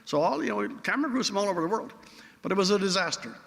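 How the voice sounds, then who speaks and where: A man delivers an after-dinner keynote, spinning wry anecdotes with theatrical rhetorical flourishes. His voice is bright, forceful and a little high, and it rings with the long reverb of a large event hall. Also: animated, racing, creaky. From Newfoundland, Canada. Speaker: keynote speaker.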